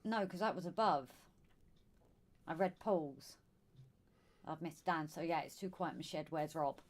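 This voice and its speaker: A woman with a Southern English accent hosts a relaxed live stream, working through viewer comments and greeting regulars warmly by name. Her voice sits on the lower side and is wearing thin. She calls people darling and sweetheart. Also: measured pace. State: losing her voice. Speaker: live stream co-host reading chat. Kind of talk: casual live stream chat.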